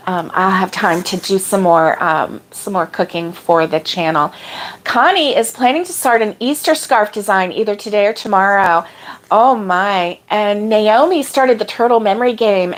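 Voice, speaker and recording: Woman, crochet stream host, chatty, reads comments aloud with drawn-out exclamations. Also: medium pitch. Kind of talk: casual chat reading viewer comments.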